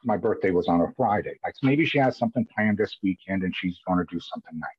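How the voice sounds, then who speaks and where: A man's voice: low voice, animated, quick pace, slightly rough, no echo. A man guest on a podcast, candidly and emotionally retelling events with many restarts. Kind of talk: candid conversational storytelling. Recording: dull lo-fi audio.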